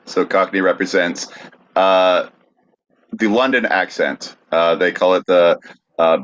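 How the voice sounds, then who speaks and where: A very deep-voiced man from the United States reads notes aloud on a podcast, halting with frequent fillers. The sound is dull and lo-fi. A faint hiss sits underneath. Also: a bit bright. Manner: halting, filler-heavy reading. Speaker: podcast co-host.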